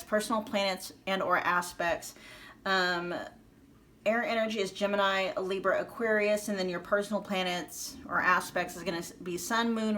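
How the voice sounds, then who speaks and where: A woman's voice: mid-range voice, a bit bright, slight background noise. A woman with a Midwestern accent giving a casual tarot reading to her viewers, chatty and thinking aloud with many fillers and restarts. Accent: Midwestern American. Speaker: tarot reader.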